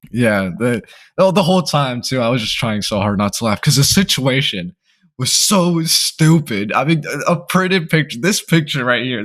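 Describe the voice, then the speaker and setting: A young man telling a story time, rambling and chuckling as he goes. He often restarts his sentences, and his voice sits at an ordinary middle pitch. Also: a bit bright. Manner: rambling, laughing, many restarts. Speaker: vlogger.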